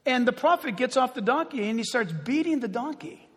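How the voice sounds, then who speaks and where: Husky, high-pitched male pastor, lively sermon storyteller, echoey hall. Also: brisk. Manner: animated storytelling, chuckling asides.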